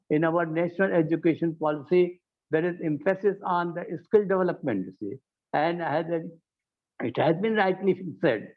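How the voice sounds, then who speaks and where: A man giving a formal conference speech, halting and self-correcting, often saying "you see". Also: a little high. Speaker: conference speaker. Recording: tinny phone-like sound.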